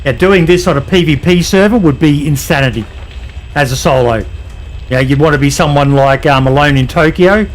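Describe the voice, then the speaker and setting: This is an Australian man streaming a game, talking loosely with his audience as he plays. He sits a little higher in pitch than most men. His tone stays easygoing and chatty, with the odd aside to the viewers in his chat. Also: a little fast. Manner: laid-back, chatty, reads chat aloud and answers viewers. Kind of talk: casual chat while playing.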